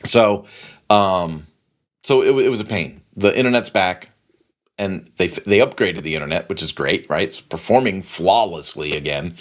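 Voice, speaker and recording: Chatty rambling man, low voice. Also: normal speed. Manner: rambling, chatty, repeats himself for emphasis. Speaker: podcast host. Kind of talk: casual storytelling monologue.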